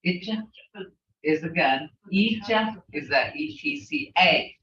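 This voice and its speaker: A woman's voice: fairly low pitch, sing-song, a little slow, a bit bright. An older woman teaching a casual language class, rambling a little and often asking "okay?" to check that her students follow. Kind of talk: informal online language class. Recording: echoey, distant, dull lo-fi audio.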